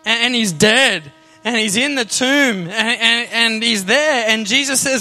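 High, bright-voiced man preaching animatedly. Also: measured pace. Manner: animated, engages audience with "amen?". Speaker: pastor. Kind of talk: sermon.

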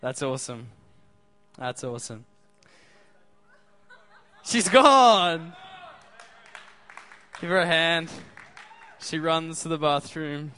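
A man's voice: a little high, unhurried, sharp tone, smooth. A man preaching a sermon in an upbeat way, often asking the crowd questions.

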